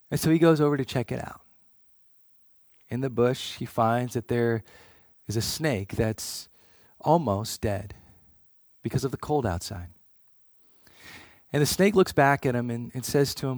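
A man's voice: mid-range voice, dry recording, studio quality. A man preaching a sermon in an earnest way, often repeating words as he starts a phrase.

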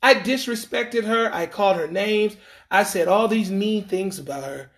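High-voiced man telling a rambling story. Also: normal speed. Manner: rambling, animated, acts out quoted lines; frequent fillers and restarts, slangy. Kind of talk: casual storytelling monologue.

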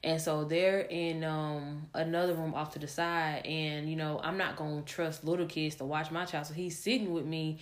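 Young female podcast host, low voice, candid rambling storyteller. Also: little pitch movement, moderate pace, few pauses. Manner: candid, rambling, many fillers and restarts. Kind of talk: personal storytelling.

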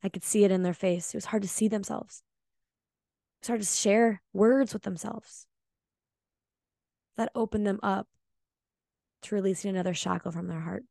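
A woman's voice: medium pitch, steady tone, normal speed, creaky, long pauses, dark tone, no room sound. Heartfelt woman podcaster, dry close sound. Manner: heartfelt, emphatic, occasional swearing. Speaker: podcast host. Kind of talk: reflective podcast monologue.

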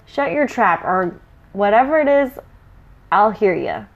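A woman voicing a big, dimwitted male half-troll with a rough voice, blustering and boastful. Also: mid-range voice, very animated, a little slow, highs cut off. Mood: gruff. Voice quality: rough, dropped-letter dialect speech.

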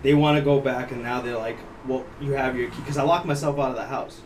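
A man from Ukraine, a native Ukrainian speaker, telling a story as a podcast guest in an animated, profane way, laughing often. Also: mid-range voice, quick pace. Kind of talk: casual storytelling. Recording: distant mic, faint background noise.

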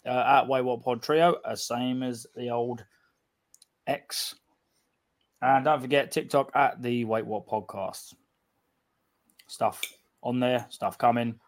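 A man's voice: mid-range voice, fairly even intonation, slow, pauses often. An English man co-hosting a casual podcast, making blunt, sardonic jokes. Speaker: podcast co-host.

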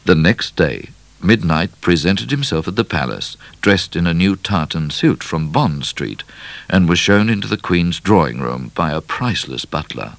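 Deep-voiced man reading a storybook. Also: creaky, no room sound. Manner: expressive, measured storytelling. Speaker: narrator.

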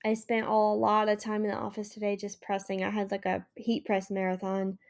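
A woman's voice: mid-range voice, completely flat delivery, a little fast, creaky. Tired, chatty young woman podcaster. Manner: chatty, rambling, many "like" fillers. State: tired and yawning. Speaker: podcast host and small business owner. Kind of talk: casual solo podcast chat.

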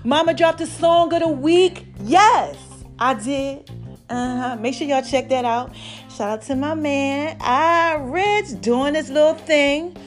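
A woman hosting her own podcast, talking casually and excitedly to her listeners, laughing often. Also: sits high, slow, faint music behind. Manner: hyped, expressive, laughs often. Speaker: podcast host.

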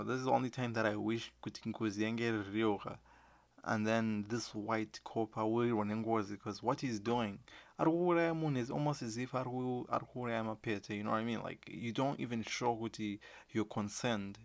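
A man with a Zimbabwean Shona accent talking earnestly in a casual monologue to viewers, switching between languages, with halting restarts. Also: fairly low pitch, fairly even intonation, creaky, no echo.

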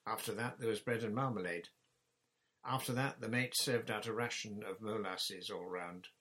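A man narrating a children's story chapter in a measured, plain reading voice. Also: on the low side, sharp tone, breathy edge, rough recording. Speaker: audiobook narrator.

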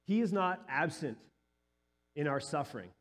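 A man's voice: a little high, expressive, moderate pace. A male pastor in his thirties or forties giving a sermon, telling a personal story earnestly and building to emphatic peaks.

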